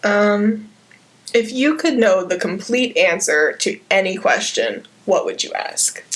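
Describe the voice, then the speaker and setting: A woman's voice: medium pitch, lively intonation. Young woman host, mid-range voice, upbeat interviewer who laughs easily. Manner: playful, laughing, quick interviewer. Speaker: podcast host asking the questions. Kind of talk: casual chat.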